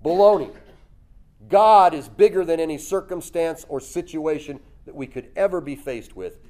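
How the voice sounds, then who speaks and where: A man preaching a sermon, telling the story lively, acting out voices and chuckling often. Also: a little high, normal speed. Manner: lively storytelling, acts out voices with loud jumps.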